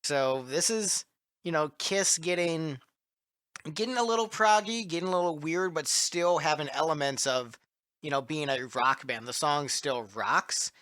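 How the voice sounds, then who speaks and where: A man's voice: fairly high pitch, a little slow, bright, forceful tone, no room sound, clean studio sound. A man co-hosting a casual music podcast, chatting enthusiastically and giving opinions. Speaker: podcast co-host. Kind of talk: casual panel chat about music.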